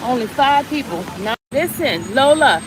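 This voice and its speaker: A woman's voice: high-pitched, expressive, moderate pace. A woman giving an update on her own live stream outdoors, coaxing viewers to join and share. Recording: outdoor street noise behind.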